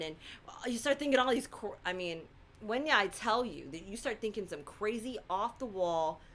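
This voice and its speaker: A middle-aged woman co-hosting a live stream chat, telling her story in a lively way and acting out what people said. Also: medium pitch. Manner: animated storytelling, acts out quotes. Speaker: co-host.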